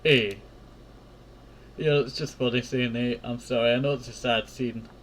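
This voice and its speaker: A man's voice: medium pitch, steady tone, a little fast, slight background noise. A man hosting a casual game playthrough, reading aloud, stumbling over words and laughing at himself. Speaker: gameplay host.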